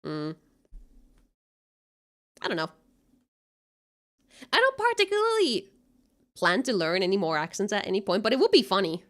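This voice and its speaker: A woman's voice: mid-range voice, sing-song, moderate pace, pauses often, fairly bright tone. A young woman with a Finnish accent chatting casually on a gaming stream, rambling and giggly with lots of fillers. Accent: Finnish-tinged American English. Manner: rambling, giggly, thinks aloud with many fillers. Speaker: VTuber streamer. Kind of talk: casual chat while gaming.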